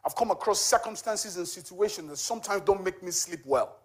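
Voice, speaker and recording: A man's voice: high voice, brisk, husky. A man in his forties giving a conversational church testimony, telling a story with frequent fillers like "you know". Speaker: charity volunteer giving a testimony.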